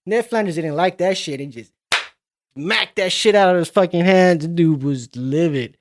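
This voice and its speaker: A man co-hosting a podcast, retelling movie scenes in a profane, animated casual chat. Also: fairly high pitch, moderate pace, slight background noise. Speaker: podcast co-host.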